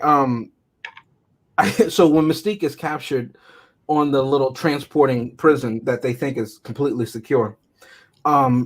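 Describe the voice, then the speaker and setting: A man co-hosting a casual movie review show, talking animatedly, often laughing and acting out quotes. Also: medium pitch. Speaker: podcast co-host.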